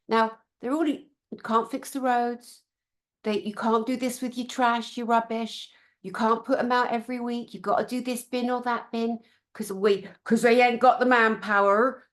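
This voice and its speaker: A woman from Britain with a British accent, giving a conference talk. She is blunt, sarcastic and swears freely, and she mocks officials in put-on voices. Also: a little high. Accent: British English. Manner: animated, sarcastic, mimics officials in mocking voices. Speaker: conference speaker.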